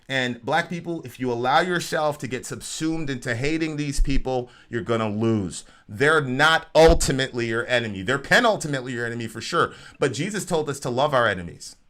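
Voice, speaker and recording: A man's voice: mid-range voice, sharp tone. A man co-hosting a livestream talk show, preaching animatedly and acting out quoted voices. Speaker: show co-host.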